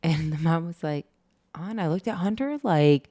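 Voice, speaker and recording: Middle-aged woman co-host, chatty, animated storyteller, lowish voice. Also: normal speed. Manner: animated storytelling, laughs often. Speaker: podcast co-host. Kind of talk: casual chat.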